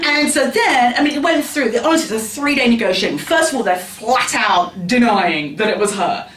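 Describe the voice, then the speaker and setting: A man's voice: extremely high pitch, expressive, normal speed, a bit bright, slight background noise. A man, a tabloid journalist, telling candid, gossipy, profane stories in an interview. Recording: roomy sound, distant mic.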